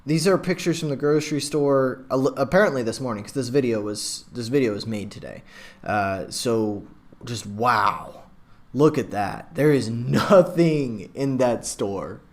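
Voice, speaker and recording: Rambling excitable young man. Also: mid-range voice, measured pace. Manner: excitable, rambling, lots of likes and you knows. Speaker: reaction video host. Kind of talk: casual reaction commentary. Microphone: webcam.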